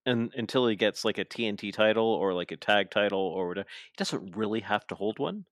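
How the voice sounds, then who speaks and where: A man's voice: on the low side, a little fast, no room sound, clean studio sound. A man co-hosting a casual podcast, telling stories eagerly, acting out quotes and swearing freely. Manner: excited storyteller, swears freely, acts out quotes. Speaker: podcast co-host. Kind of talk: casual wrestling chat.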